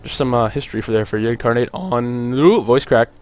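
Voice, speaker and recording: A young man casting a video game match on his own, chatty and jokey, with many filler words and quick asides. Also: medium pitch, darkish tone. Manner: rambling, jokey, lots of "like" fillers. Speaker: esports caster. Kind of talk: solo play-by-play commentary.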